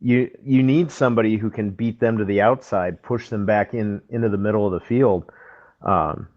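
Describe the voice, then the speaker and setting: Brief: a thoughtful, low-voiced man breaking down plays, recorded dull and lo-fi. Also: darkish tone. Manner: measured, thoughtful, with fillers. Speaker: podcast co-host. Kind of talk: casual sports analysis.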